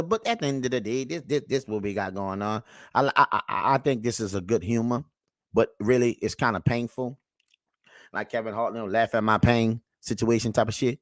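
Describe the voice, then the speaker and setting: A man hosting comic reaction commentary, preaching at his viewers, swinging from mutters to shouts. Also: mid-range voice, no echo, clean studio sound. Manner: preachy, keeps calling out to the people; drawn-out, animated swings between mutter and shout. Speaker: reaction video host.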